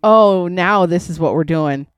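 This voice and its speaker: A woman's voice: fairly low pitch, unhurried, clean tone, dry recording. A woman co-hosting a casual chat, blunt, mocking and profane.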